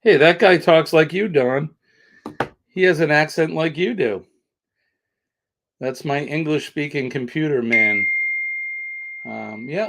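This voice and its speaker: Man, live-stream host, casual chat, gravelly voice, mid-pitched. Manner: chatty, talks to viewers in the comments.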